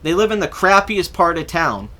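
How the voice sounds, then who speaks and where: A young man with a high, bright voice tells a long story on his podcast. He rambles through it casually, swears freely and acts out what people said along the way. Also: sing-song, normal speed. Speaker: podcast host.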